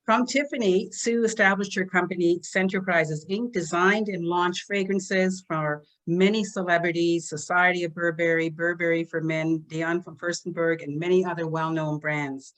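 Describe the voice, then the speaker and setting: A woman co-hosting an online business presentation, introducing a guest warmly and getting emotional, over a video call. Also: on the low side, fairly even intonation, moderate pace, hardly any pauses, low-quality recording. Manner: warm and emotional, chokes up.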